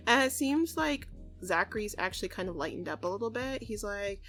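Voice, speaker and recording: A young woman giving casual gameplay commentary as a let's play host, bubbly and excitable, often laughing and squealing. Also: mid-range voice, a little fast, soft background music.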